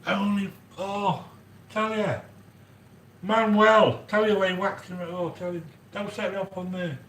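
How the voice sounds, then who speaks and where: Excitable rambling man in an echoey kitchen. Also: high-pitched, unhurried. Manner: rambling, excitable, answers viewers by name. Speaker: cooking video host. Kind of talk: chatty cooking livestream monologue. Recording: echoey room with faint background noise.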